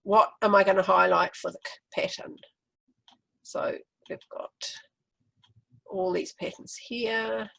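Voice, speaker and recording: A woman's voice: mid-range voice, fairly even intonation, takes it slowly, vocal fry, pauses often, fairly bright tone, low-quality recording. A woman with a New Zealand accent presenting a literacy webinar, explaining classroom activities step by step.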